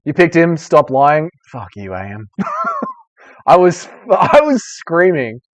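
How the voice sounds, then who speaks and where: A man's voice: a little high, huge pitch swings, slow, no room sound. A young Australian man hosting a casual live stream, reading viewer comments and bantering with joking, profane humor.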